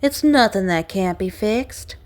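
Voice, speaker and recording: A woman voicing a sultry female bat enchantress with a smooth, velvety Cajun accent, speaking softly and languidly. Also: mid-range voice, expressive, unhurried, natural voice.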